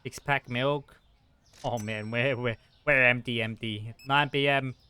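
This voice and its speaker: A young man streaming a shop game, talking fast and frazzled to his customers and himself. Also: mid-range voice, fairly even intonation, sharp tone, clean tone. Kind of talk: live-streamed gameplay commentary.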